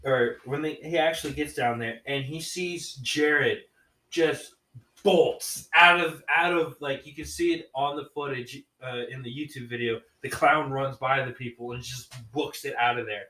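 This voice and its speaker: A man's voice: medium pitch, a little slow, sharp tone, roomy sound, far from the mic, rough recording. A man casually retelling a movie plot on a podcast, rambling with many restarts. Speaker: podcast co-host reviewing movies.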